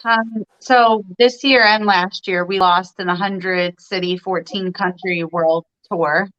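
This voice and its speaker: A woman's voice: mid-range voice, fairly even intonation, takes it slowly, a bit bright, dull audio. A woman guest on a live stream, chatting in a friendly way over a video call. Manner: friendly, chatty, slightly hesitant with fillers. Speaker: guest, country singer. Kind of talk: casual interview.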